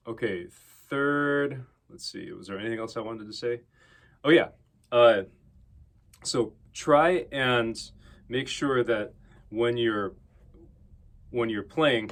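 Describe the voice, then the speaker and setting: A man giving casual, relaxed drum lessons to his students, talking conversationally with plenty of fillers. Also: mid-range voice, a little hiss or hum. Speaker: drum teacher. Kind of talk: casual instructional talk to students.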